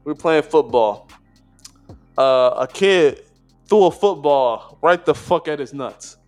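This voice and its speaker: A man's voice: a little high, expressive, takes it slowly, a little mellow, faint music behind. A man co-hosting a podcast in casual chat, rambling with lots of fillers, restarts and swearing. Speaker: podcast co-host.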